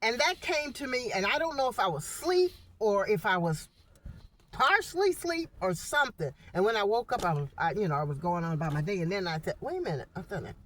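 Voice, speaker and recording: A woman's voice: medium pitch, lively intonation, fairly quick. A woman venting in a rambling, heated vlog monologue from inside a small parked truck, recorded on a phone. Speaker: vlogger.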